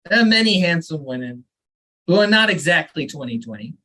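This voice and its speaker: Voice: medium pitch, big pitch swings, a little fast, bright, forceful tone, rough recording. A performer voicing an elderly immigrant father who lectures earnestly, reading a story aloud at an open mic. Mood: lecturing. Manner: fussy, insistent advice-giving.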